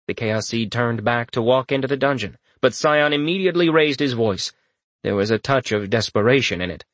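Here a man reads a fantasy audiobook with expressive storytelling, moving fairly quickly. The voice is mid-range and there's no echo.

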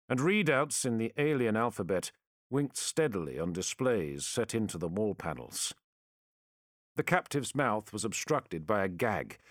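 Man, audiobook narrator, dramatic reading, animated intonation, dry studio sound. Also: mid-range voice, no echo. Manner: dramatic, measured storytelling.

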